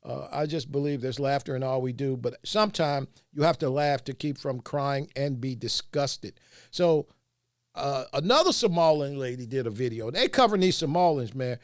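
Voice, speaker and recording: A man hosting a podcast, mocking video clips with loud laughter and comic commentary. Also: mid-range voice, moderate pace, dry recording, studio quality. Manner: mocking, laughs a lot, animated. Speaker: podcast host. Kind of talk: comedic commentary.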